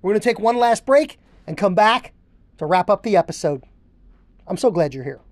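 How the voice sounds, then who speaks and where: A woman's voice: medium pitch, animated, normal speed, a little mellow, dry recording. A woman hosting a podcast, coaching haircutters and drilling phrases word for word with emphatic repetition. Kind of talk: instructional podcast monologue.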